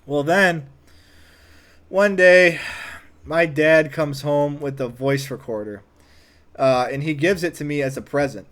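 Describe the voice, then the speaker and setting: A man telling a comedic personal story, animated, acting out other people's lines in a raised voice. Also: fairly high pitch, unhurried, pauses often. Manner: animated, acts out quotes in a raised voice.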